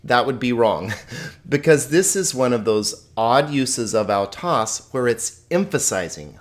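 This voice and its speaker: A man's voice: medium pitch, expressive, measured pace. A man giving a recorded language lesson, chatty and upbeat, laughing often and stressing key words. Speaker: Greek teacher.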